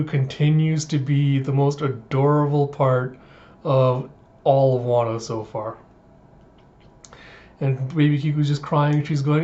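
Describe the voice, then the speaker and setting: A man's voice: medium pitch, fairly even intonation, measured pace, pauses often, mellow. A man casually recapping a comic chapter as a reviewer. He swears now and then and makes sound effects. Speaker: manga reviewer. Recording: dull lo-fi audio.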